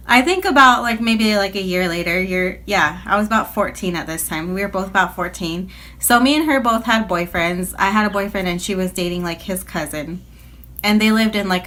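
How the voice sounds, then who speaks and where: A woman's voice: mid-range voice, fairly bright tone. A woman tells a personal story in a casual storytime vlog. Her delivery is chatty and rambling, full of filler words, and it sounds like it was recorded on a phone. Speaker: vlogger telling a personal story.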